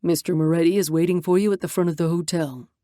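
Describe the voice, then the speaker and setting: A man's voice: on the high side, steady tone, quick pace, warm tone, dry recording, clean studio sound, pitched below the performer's own voice, lightly acted. A woman voicing a polite older male limo driver with a courteous, formal manner, in a storybook reading.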